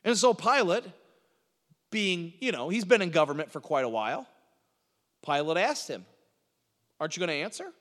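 A man's voice: high-pitched, expressive, normal speed, long pauses, fairly bright tone. A man preaching an expository sermon who drives points home with repetition and often restarts his words. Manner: emphatic repetition, frequent stuttered restarts. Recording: long hall reverb.

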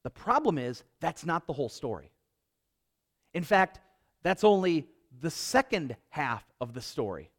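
Lively high-voiced male pastor preaching. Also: measured pace. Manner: emphatic, repetitive, with joking asides. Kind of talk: sermon. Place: church before a congregation.

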